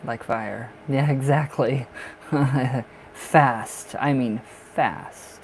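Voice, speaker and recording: A man's voice: medium pitch, very slow, slight background noise, poor audio. Chatty man giving tarot readings. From northern United States. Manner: chatty, laughs often, repeats himself. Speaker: tarot reader. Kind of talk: live-stream tarot reading.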